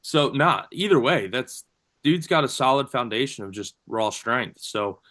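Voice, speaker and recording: A man's voice: mid-range voice, expressive, measured pace, a bit bright. Chatty male strength coach on a video call. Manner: loose and chatty, many fillers and restarts.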